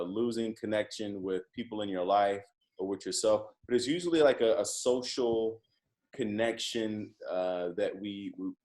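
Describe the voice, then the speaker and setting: A man's voice: lowish voice, darkish tone. A man talking as a guest on a podcast, a coach speaking casually with many restarts and fillers. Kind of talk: casual interview chat.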